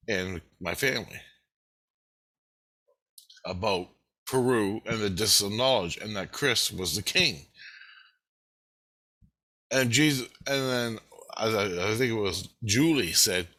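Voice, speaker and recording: Speaking slowly with long pauses, a low-voiced male vlogger tells a rambling story in casual monologue form. He curses freely and animates it by mimicking the voices of those he quotes.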